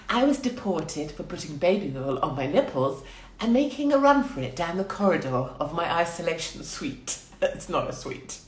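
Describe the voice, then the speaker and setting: A woman's voice: fairly low pitch, big pitch swings, normal speed, reverberant, a little hiss or hum. A woman in her forties hosting a casual livestream chat from a small quarantine room. She is crude and irreverent, and she rambles and laughs a lot. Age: 40s. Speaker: livestream host.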